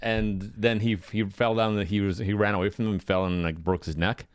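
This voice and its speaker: A man's voice: lowish voice, steady tone, brisk, smooth, dry recording, studio quality. A man co-hosting a casual podcast, chatty and rambling, laughing often and swearing casually. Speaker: podcast co-host. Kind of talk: casual chat.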